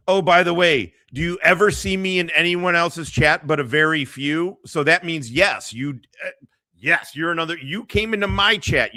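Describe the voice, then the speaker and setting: A man hosts a casual stream and rants in a crude, mocking way, laughing often. His voice is bright and fairly high, with lively jumps in pitch. The sound is dry and close, with no room echo. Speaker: streamer host. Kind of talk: profane casual livestream rant.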